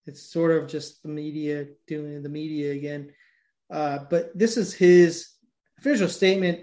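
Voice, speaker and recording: A man's voice: fairly high pitch, fairly even intonation, measured pace, warm tone. A man with a speech impediment co-hosting a casual chat, blunt and swearing freely. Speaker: podcast co-host.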